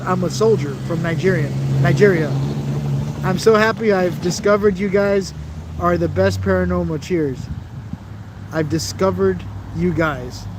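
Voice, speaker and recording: A man with a high voice hosts a casual livestream outdoors, standing by a building's glass out of the wind, with background noise audible. Reading viewers' chat messages, he answers them in a rambling, chatty way and laughs often.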